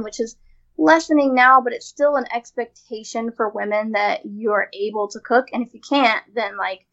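A woman's voice: fairly high pitch, normal speed, a bit bright, highs cut off. A woman in casual conversation, making an earnest point with long lists of examples. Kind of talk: casual chat.

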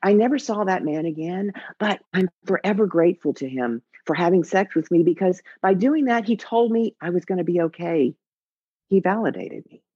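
A man's voice: sits high, moderate pace, dark tone, breathy edge, no room sound, lo-fi sound. A man storyteller telling a personal story on stage in a wry, candid way. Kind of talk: live storytelling.

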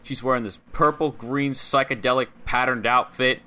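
A young man co-hosts a casual wrestling podcast. His voice is mid-pitched and bright. His commentary is wry and profane. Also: fairly even intonation, moderate pace.

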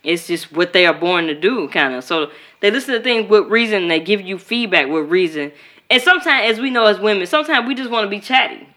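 Woman from Chicago, podcast co-host, casual chat, bright voice, animated and profane. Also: mid-range voice, a little fast.

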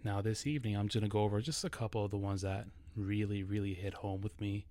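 A man's voice: on the low side, steady tone, fast talker, warm tone, no room sound. A man from New York hosting a solo podcast episode, talking casually and a little nervously, with restarts. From New York City. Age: adult. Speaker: podcast host.

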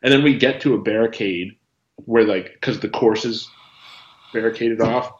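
A man's voice: on the low side, moderate pace. A man telling a travel story in casual chat, talking loosely with lots of "like" and chuckling as he goes. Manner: chatty, says "like" often, laughs while telling. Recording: roomy, slightly dull sound.

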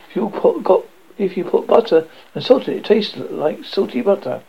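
A man's voice: high-pitched, big pitch swings, gravelly, husky, voice pushed up, heavily acted. A man reading as a nervous little alchemist. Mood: nervous, eager. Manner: fumbling, apologetic, halting delivery. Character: small nervous male alchemist treasurer. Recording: dull lo-fi audio.

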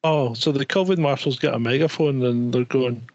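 A man's voice: medium pitch, moderate pace, hardly any pauses, darkish tone, no room sound, lo-fi sound. Amused storytelling man. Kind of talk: casual chat. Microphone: remote call.

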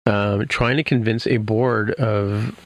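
Low gravelly man recapping an episode. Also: steady tone, takes it slowly, dry recording. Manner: rambling, many fillers and restarts. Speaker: podcast host recapping an episode. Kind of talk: casual chat.

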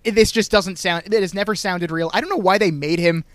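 A man's voice: high voice, a little fast, fairly bright tone, no echo. A man from Long Island hosting a podcast, recapping a TV episode in casual chat and laughing often as he goes. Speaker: podcast host.

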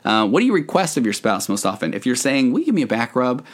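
A man's voice: mid-range voice, big pitch swings, quick pace. A man in his forties, a marriage therapist hosting a casual podcast, telling stories in a chatty way with many fillers.

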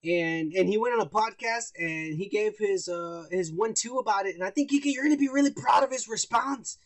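High-voiced profane podcast co-host man. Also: a little fast. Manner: profane, mocking, reads news aloud. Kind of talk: casual drunk banter.

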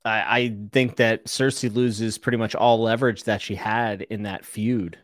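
A man with a lowish voice gives blunt, animated opinions in a relaxed book podcast. The recording is dry and close. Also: normal speed, no echo. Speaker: podcast co-host. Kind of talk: casual book discussion.

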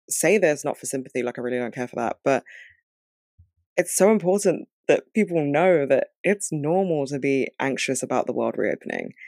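A man who has just woken up, his voice rough and scratchy, chatting candidly to his viewers about his week. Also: mid-range voice, no room sound, studio quality. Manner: candid, confessional, chatty with "like" fillers. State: groggy, just woke up. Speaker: vlogger. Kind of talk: casual chat to camera.

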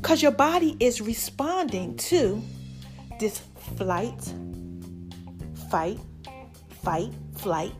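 Woman, podcast host, animated chatty talk, fairly high voice, faint music underneath. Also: drawn-out words, pauses often. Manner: chatty and animated, addresses listeners as "y'all" and "child". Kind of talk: casual motivational podcast talk.

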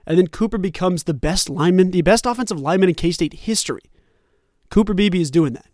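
A man's voice: sits high, a little fast, no room sound, studio quality. A young man hosting a sports talk show, rambling through casual commentary with lots of asides. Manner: animated, rambling, conversational with many asides. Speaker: sports podcast host.

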